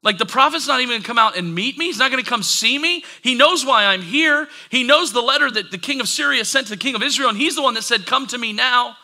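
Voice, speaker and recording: A preacher acting out an indignant army commander. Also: male voice, very high voice, expressive, quick pace, few pauses, pushed and bright, pitched above the performer's own voice, full character voice. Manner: exasperated, ranting.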